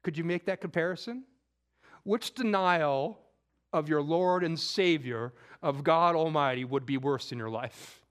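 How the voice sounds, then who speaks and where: High-voiced man preaching with dramatic swings. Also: a little slow, clear, resonant tone. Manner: dramatic voicing of scripture quotes, swings from loud to hushed; conversational, with casual slang. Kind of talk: sermon.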